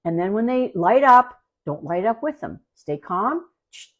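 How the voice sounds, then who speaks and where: A woman dog trainer talks through listener questions in a relaxed podcast style. Her voice sits at a middle pitch, and she is plainspoken, hammering home key points by repeating them. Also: a little slow. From Canada. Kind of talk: casual podcast advice.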